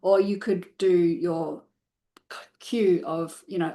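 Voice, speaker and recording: A woman's voice: lowish voice, fairly even intonation, slow, dark tone. A woman coaching a viewer through a dog training routine in a live Q&A. She talks it through step by step and keeps stopping to restart her sentences or add an "um". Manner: step-by-step instructive, many restarts and fillers. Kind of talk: live Q&A advice.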